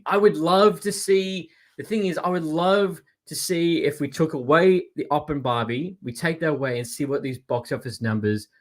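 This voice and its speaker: A man hosting a casual movie recap, talking in a chatty, rambling way with plenty of fillers. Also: a little high. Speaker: movie news host. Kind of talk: casual spoken review.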